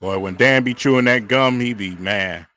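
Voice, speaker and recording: A man's voice: lowish voice, moderate pace, bright, forceful tone. A man, hosting a live football watch party and talking through the game in a frustrated, conversational way. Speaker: live stream host. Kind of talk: casual sports watch-party commentary.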